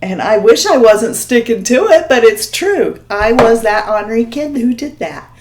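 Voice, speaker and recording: A woman's voice: fairly high pitch, sing-song, moderate pace, background noise. A woman vlogger telling a story in casual chat, laughing often and checking in with the viewer.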